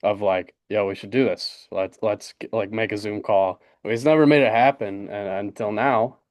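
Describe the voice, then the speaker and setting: A young man in his twenties co-hosting a casual sports podcast, excited and rambling with lots of fillers. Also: fairly low pitch, normal speed, no room sound, clean studio sound. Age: 20s. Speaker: podcast co-host. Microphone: desk podcast mic.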